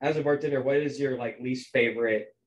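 Man, mid-pitched voice, casual host, halting questions. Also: fairly even intonation, slight background noise. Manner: asks questions with restarts. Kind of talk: casual chat.

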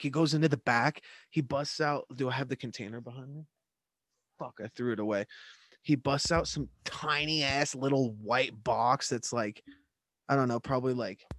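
Young male podcast co-host, loose profane storyteller, dry close sound, mid pitch. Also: no room sound. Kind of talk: casual storytelling chat.

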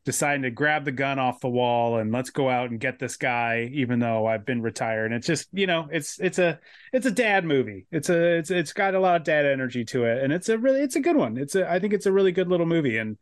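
Male podcast co-host, fairly high voice, dry close sound, halting chatty delivery. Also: sing-song, dry recording. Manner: rambling, halting, many restarts and fillers. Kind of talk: casual film podcast chat.

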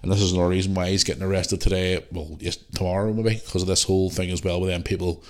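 A Northern Irish man talks casually on his own podcast, speaking bluntly and swearing as he airs his opinions. His voice sits on the low side, and he sounds sniffly as he gets over a bout of flu. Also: fairly even intonation, fast talker. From Northern Ireland. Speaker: podcast host. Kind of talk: casual solo podcast rant.

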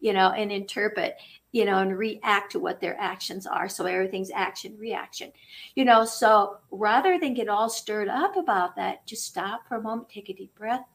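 A woman speaking as a spiritual coach in a casual interview, animated and laughing often as she acts out inner voices. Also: medium pitch, normal speed, vocal fry.

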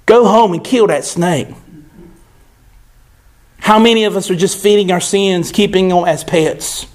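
A man's voice: high voice, measured pace. A man preaching a sermon, emphatic and repeating phrases for stress.

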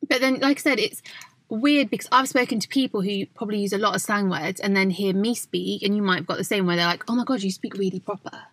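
A woman's voice: mid-range voice, steady tone, fast, a bit bright, dry recording. A woman in casual chat, talking freely and filling her sentences with "like". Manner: chatty, many fillers like "like", laughs easily.

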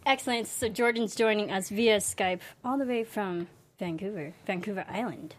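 A woman hosting a casual entertainment chat show, bubbly and quick to laugh. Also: mid-range voice. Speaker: host.

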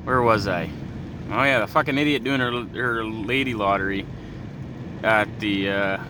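A man's voice: lowish voice, unhurried. A man from Canada ranting and swearing through a podcast while driving, exasperated and full of asides. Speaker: podcast host. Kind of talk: profane podcast rant. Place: in a moving car. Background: faint car noise.

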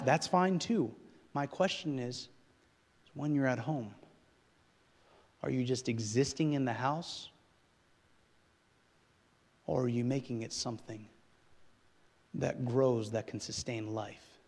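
A man's voice: slow, long pauses, breathy edge. Preaching man in a reverberant church. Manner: swings from low asides to loud rising preaching. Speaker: pastor. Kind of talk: sermon.

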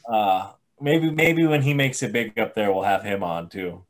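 A man's voice: lowish voice, normal speed. A man hosting a casual podcast, teasing his friends and asking questions with frequent laughs. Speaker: podcast host. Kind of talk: casual chat.

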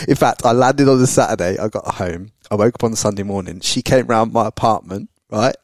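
A low-voiced man tells a personal story on a podcast, blunt and full of swearing. He keeps checking in with his listener through quick tag questions. The sound is close and dry. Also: no room sound. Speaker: podcast guest. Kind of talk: candid storytelling.

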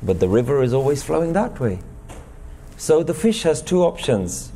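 A man's voice: on the high side, very animated, normal speed, warm tone, long reverb tail, a little hiss or hum. A man giving a sermon at a gurdwara, telling a parable and posing rhetorical questions to the congregation. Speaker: speaker at a Sikh gurdwara. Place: gurdwara hall.

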